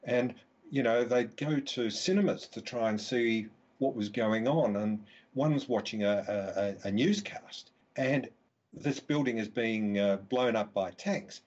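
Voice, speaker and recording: A man with a husky, mid-pitched voice tells a vivid, anecdote-packed story as a podcast guest. The audio is dull and lo-fi, like a remote call. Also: unhurried, a little mellow. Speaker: author and guest. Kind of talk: storytelling interview answer.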